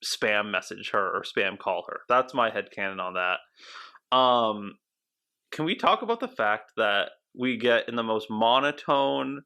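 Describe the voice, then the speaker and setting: Bright-voiced man theorizing eagerly. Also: lowish voice, unhurried, vocal fry, smooth. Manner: animated, rambling theorizing with restarts. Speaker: podcast co-host. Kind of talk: casual podcast chat.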